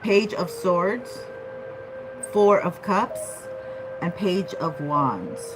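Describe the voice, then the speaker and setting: A woman's voice: fairly low pitch, extremely slow, over music, poor audio. A woman giving a casual tarot reading, chatty and loose, often checking in with "okay?". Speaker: tarot reader.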